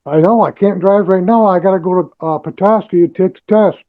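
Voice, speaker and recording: Man, defiant, stumbling restarts, high-pitched, thin lo-fi courtroom sound. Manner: defiant, halting, full of restarts. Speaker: respondent in a court hearing. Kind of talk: testifying in court.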